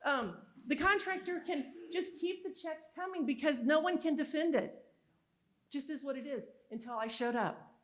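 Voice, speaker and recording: A woman giving a motivational conference speech, telling stories in an animated, emphatic and candid way. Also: sits high, moderate pace. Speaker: summit speaker. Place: live conference event.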